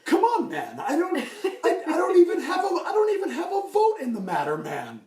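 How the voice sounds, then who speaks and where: A man's voice: very high-pitched, wildly swooping pitch, moderate pace, a little mellow, pitched above the performer's own voice, full character voice. A man doing a laughing impression of an easygoing man who refuses to judge, ending his phrases with "man" and drawling through them. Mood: laid-back. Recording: roomy, distant mic.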